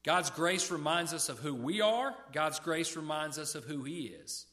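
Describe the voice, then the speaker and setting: A man's voice: a little high, animated, a little slow, hardly any pauses, pushed and bright. A man preaching a sermon in a conversational way, often repeating words and asking the listeners questions.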